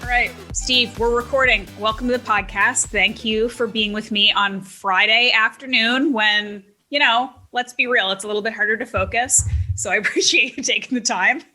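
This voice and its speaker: A woman's voice: on the high side, fairly even intonation, moderate pace, bright, forceful tone, faint music behind. A woman hosting a podcast, chatting casually and upbeat with plenty of fillers. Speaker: podcast host.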